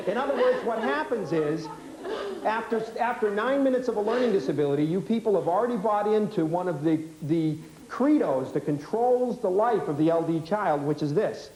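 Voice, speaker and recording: Brisk man teaching in an echoey hall. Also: sits high, expressive, darkish tone, slight background noise. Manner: brisk, rapid-fire questioning. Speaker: workshop leader. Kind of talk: teaching workshop with audience role-play.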